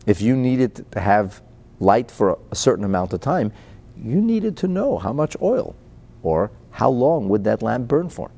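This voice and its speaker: A man teaching a Chassidic discourse with a mellow, warm tone. His pitch swings widely as he poses rhetorical questions and answers them, chuckling often. He reads out Hebrew phrases and then translates them into English. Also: a little slow, gravelly, husky. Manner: lively, asks rhetorical questions, chuckles between points. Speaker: Torah teacher.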